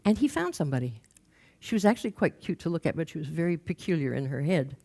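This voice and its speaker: A woman from Los Angeles, a workshop leader, telling an anecdote from her groups in a lively way and mimicking the people she quotes. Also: sits low, quick pace. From Los Angeles, United States. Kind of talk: anecdotal storytelling talk.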